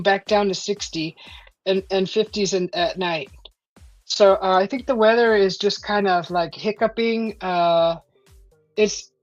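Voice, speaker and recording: This livestream host, a woman with a mid-range voice, chats casually with viewers from home and reads out their comments, rambling and filling gaps with plenty of "uh"s. There's no room sound, though the stream audio is dull and lo-fi with faint music playing.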